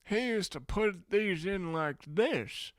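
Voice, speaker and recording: A man voicing a chatty, fussy old man who speaks slowly in a high, prim, quavering way. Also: animated, no echo, studio quality. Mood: reminiscing.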